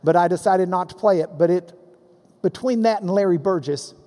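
A man preaching a sermon as pastor, animated and playful as he recites rhymes and sounds out words. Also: high voice, moderate pace. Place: church sanctuary. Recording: long hall reverb.

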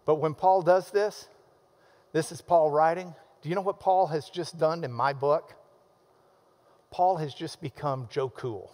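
A man's voice: on the high side, measured pace, a little mellow, big-room sound. A man preaching a sermon as pastor, enthusiastic and emphatic, with playful asides.

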